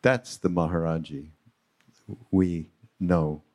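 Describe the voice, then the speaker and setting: A man hosting a podcast live on a retreat stage, telling a spiritual story in an animated way. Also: low voice, slow pace. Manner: animated storyteller acting out quotes. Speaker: podcast host.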